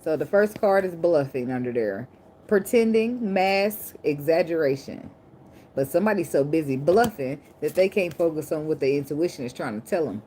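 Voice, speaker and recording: A woman's voice: low voice, lively intonation, moderate pace, dark tone. A woman giving a casual tarot reading to camera, blunt, profane and joking, indoors at night under a ring light. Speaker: tarot reader. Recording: clear background noise of clicks and shuffling cards.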